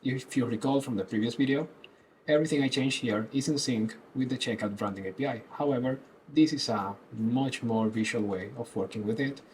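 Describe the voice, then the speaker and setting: A man presenting a screen-recorded web development tutorial, explaining each step calmly. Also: mid-range voice, slight background noise, rough recording.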